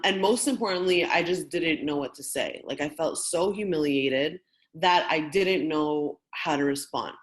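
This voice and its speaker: This deep-voiced woman in her thirties facilitates a training session and shares a personal story in a candid, animated, chatty way.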